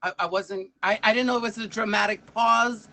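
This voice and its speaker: A woman's voice: mid-range voice, fairly even intonation, a little fast, vocal fry, sharp tone. A woman hosting a casual interview, speaking affectionately to her guest. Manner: affectionate, uses pet names. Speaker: host.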